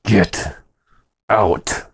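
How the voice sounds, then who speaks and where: A man's voice: very slow, a little hiss or hum. A man voicing a protective, hard man who speaks coldly and in clipped words, in a fiction podcast reading. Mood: seething. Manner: cold, clipped. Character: protective grizzled man, cold and firm. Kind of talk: audiobook character voice.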